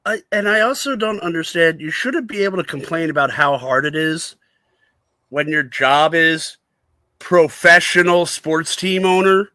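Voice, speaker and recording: A man's voice: a little high, moderate pace, pushed and bright, dry recording. A man co-hosting a sports podcast in casual chat, sarcastic and mocking, slipping into whiny put-on voices. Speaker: podcast co-host.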